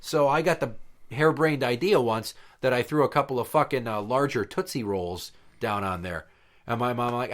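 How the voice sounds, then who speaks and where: Man, podcast co-host, crude casual chat, profane storyteller, mid-pitched voice. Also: fairly quick, fairly bright tone.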